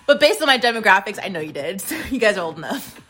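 A woman's voice: medium pitch, sing-song, fast, pushed and bright, faint music behind, low-quality recording. A woman hosting a casual solo podcast, rambling and swearing freely, often stuttering over repeated words. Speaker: podcast host.

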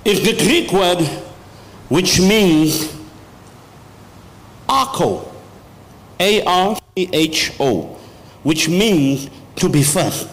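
A man preaching a sermon as an apostle, with sudden loud high bursts and slow emphatic phrases. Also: sing-song. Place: large church hall. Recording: long hall reverb, faint noise.

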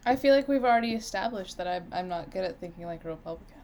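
A woman's voice: fairly low pitch, expressive, quick pace, darkish tone. Jokey woman co-hosting a podcast. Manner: jokey, laughs often, swears casually. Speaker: podcast co-host. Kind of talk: casual chat.

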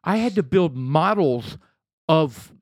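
Animated rambling man on a dry mic. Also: on the high side, slow pace, dry recording. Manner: animated, rambling, self-mocking. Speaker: podcast co-host. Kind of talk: casual banter.

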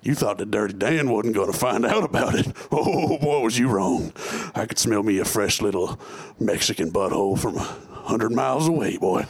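A man's voice: lowish voice, moderate pace, few pauses, husky, voice pushed down. A man putting on the voice of a leering, sleazy grown man who taunts in a gloating drawl.

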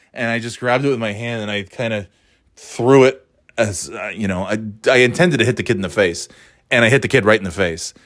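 A man's voice: medium pitch, fairly bright tone, no room sound, studio quality. A middle-aged man telling a story in a casual monologue, swearing often in a sardonic, ranting way.

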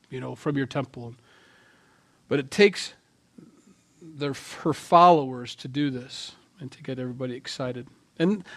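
A male pastor preaching a sermon in an animated way, swinging between loud lines and quiet asides. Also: mid-range voice.

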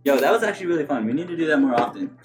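A man's voice: on the high side, expressive, very fast, music in the background. Laid-back slangy young man on a stream. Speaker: podcast co-host. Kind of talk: casual live-stream chat.

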